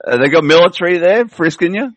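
A man's voice: sits high, lively intonation, quick pace, fairly bright tone, dry recording. A man who hosts the chat, prompting the others with questions. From Australia. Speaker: host. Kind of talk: casual chat.

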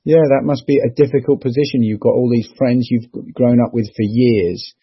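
A man's voice: medium pitch, fairly quick, husky, no room sound. A man interviewing a guest, speaking hesitantly, stumbling and restarting his questions. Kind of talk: casual conversation. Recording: dull lo-fi sound.

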